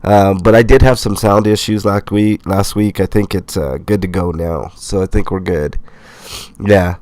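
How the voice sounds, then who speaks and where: A middle-aged man with a stuffy, nasal voice from a cold, casually reading viewer comments aloud as a livestream host, relaxed and rambling. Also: low-pitched, normal speed, no room sound. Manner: relaxed, rambling, with fillers and laughs. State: sick, congested nasal voice.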